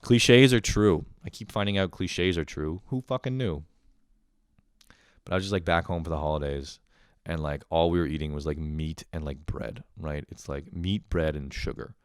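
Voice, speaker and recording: A man's voice: rumbling low, normal speed, clear, resonant tone, dry recording, clean studio sound. A young man hosting a podcast, telling a profane comedic story and acting out family members in shifting voices. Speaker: podcast host.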